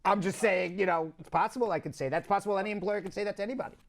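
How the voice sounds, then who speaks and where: A man's voice: high voice, fairly even intonation, very fast. A man with a Long Island accent hosting a casual news rundown, chatty and prone to asides to his co-hosts. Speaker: host, immigration news show.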